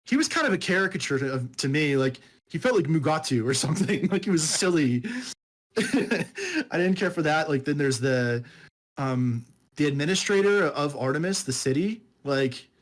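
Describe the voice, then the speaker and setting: A man's voice: fairly high pitch, expressive, normal speed. A man co-hosting a podcast, chatting casually and rambling through a book review, laughing often and calling his friend dude. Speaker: podcast co-host.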